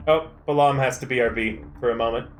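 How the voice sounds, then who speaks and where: A man runs a tabletop game as dungeon master, narrating in a calm, measured way with plenty of "uh"s. His voice sits in a middling range. Soft music plays faintly under him. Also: mid-range voice.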